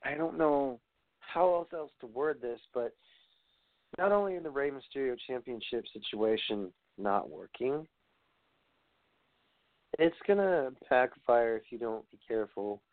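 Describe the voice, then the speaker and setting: A man's voice: medium pitch, expressive, unhurried, long pauses, no room sound. A man giving a rambling, profane rant as a wrestling commentator, sounding exasperated. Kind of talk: ranting podcast commentary. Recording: dry tinny phone-like audio.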